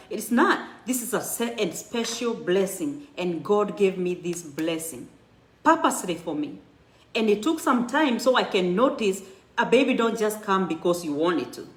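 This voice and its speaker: A woman's voice: mid-range voice, animated, moderate pace. Woman giving a testimony at church, earnest and encouraging, lots of restarts, echoey room. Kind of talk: personal testimony.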